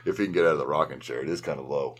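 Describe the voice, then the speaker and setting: A man's voice: very deep voice, very fast, a little hiss or hum. Rambling man hosting a podcast. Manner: rambling, laughing, restarts often. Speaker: podcast host. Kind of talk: casual chat.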